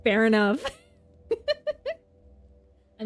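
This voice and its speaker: A woman streamer with a medium-pitched voice chats playfully at a moderate pace while playing a game. Her commentary is casual and animated, with faint game music in the background.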